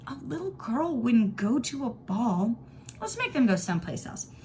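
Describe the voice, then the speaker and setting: A kind, calm young girl speaks softly and reassuringly, as a woman reading aloud gives her voice. The tone sits a little above the reader's own. It is from a children's book read aloud. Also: fairly high pitch, moderate pace, a little hiss or hum, voice pushed up. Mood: gentle. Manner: gentle, reassuring. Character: kind, calm ten-year-old girl.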